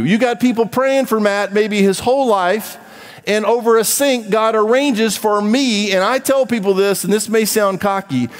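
A man preaching a sermon as pastor, emphatic, dropping to low asides and rising to loud urging. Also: long reverb tail. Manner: emphatic, swings from low asides to raised exhortation. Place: church.

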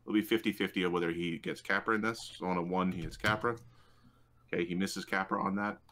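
A man running a tabletop game as game master, unhurried and thinking aloud with many fillers. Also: sits low, steady tone, bright, forceful tone.

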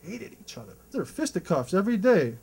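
A man from Cleveland doing a stand-up comedy set on a club stage, telling stories in an animated way. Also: a little fast, gravelly, slightly rough. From Cleveland, USA. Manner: animated, storytelling, swings in pitch.

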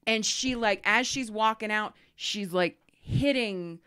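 A woman's voice: medium pitch, slow, clean tone. A woman co-hosting a podcast, chatting casually and acting out voices while she tells stories. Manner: animated, acts out voices in stories. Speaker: podcast co-host. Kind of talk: casual storytelling chat.

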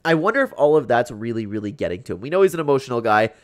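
A man's voice: mid-range voice, big pitch swings, racing. A young man, a YouTube commentator, reacting to fight clips in casual chat, laughing often and filling his talk with "like". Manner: chatty, laughs often, lots of "like".

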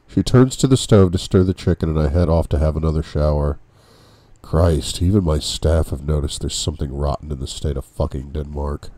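A man narrating an audiobook in the first person, with a brooding, measured reading. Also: a bass voice, steady tone, mellow, no echo.

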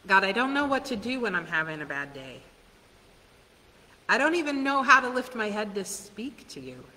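A woman pastor preaching a sermon in a church, earnest and questioning, with soft laughs now and then. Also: mid-range voice, very animated, normal speed. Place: church sanctuary. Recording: hiss and long church reverb.

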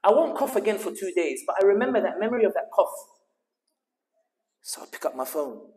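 High-voiced British man giving a rousing speech. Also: big pitch swings, brisk, long pauses, darkish tone, long reverb tail. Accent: London English. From United Kingdom. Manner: rousing rhetorical questions, then humorous storytelling. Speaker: guest speaker. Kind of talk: speech at a community dinner.

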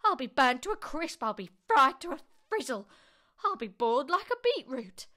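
A woman voicing a bossy, cranky old grandmother who snaps and shouts in a storybook reading. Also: medium pitch, lively intonation, normal speed, pitched above the performer's own voice, close to an everyday voice. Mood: shrieking.

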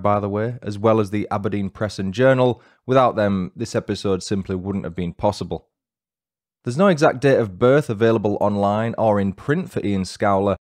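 A man's voice: on the low side, no room sound. A man hosting a true-crime podcast, reading a scripted narration with dry, lightly joking asides. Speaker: podcast host.

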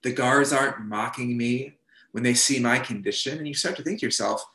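A man's voice: medium pitch, brisk, sharp tone, echoey room. A male pastor preaching a sermon, retelling a story in the second person and voicing the characters' lines as he goes. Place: church.

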